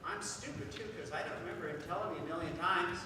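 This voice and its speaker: A man's voice: sits high, quick pace, noisy background, close to an everyday voice. A man voicing a crying four-year-old boy who blames himself, recorded from a distance in an echoey hall. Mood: self-blaming.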